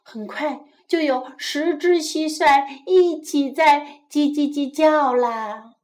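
A woman reading a children's story aloud and translating it line by line, then teaching it like a gentle, clear teacher. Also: high-pitched, slow. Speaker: bilingual storyteller and English teacher.

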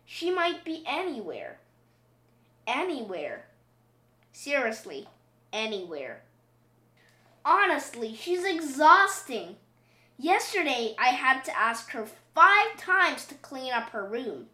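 A woman's voice: high voice, very animated, slow pace, long pauses, pushed and bright, exaggerated voice. A woman voicing an exasperated but loving mother pig in a storybook reading. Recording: roomy echo.

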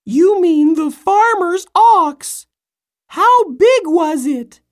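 A worried mother frog from a children's storybook, her voice pitched very high and her words stretched slow and long, as a woman acts her out. She fusses over her little ones with anxious questions. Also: expressive, heavily acted. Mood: doubtful. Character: anxious mother frog, fussing, grief-stricken. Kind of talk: storybook acting.

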